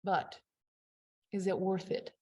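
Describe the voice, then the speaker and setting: A woman coaching on leadership in an emphatic, conversational motivational talk, swinging between loud and quiet. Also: mid-range voice, level tone, takes it slowly.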